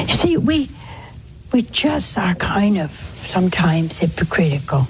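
A woman's voice: lowish voice, sing-song, measured pace, a little hiss or hum. A woman giving a spoken sermon to a congregation in a folksy way, full of rhetorical questions and anecdotes. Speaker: religious speaker.

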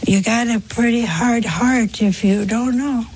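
A woman preaching a devotional sermon, telling it slowly and emphatically with rhetorical questions. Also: fairly high pitch, a little mellow, a little hiss or hum.

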